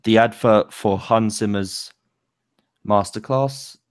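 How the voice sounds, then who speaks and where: A young man co-hosting a casual chat about songwriting, talking loosely with many fillers and pauses. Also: lowish voice, dry recording, clean studio sound. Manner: loose, lots of fillers and likes, pace speeds up and slows. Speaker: co-host.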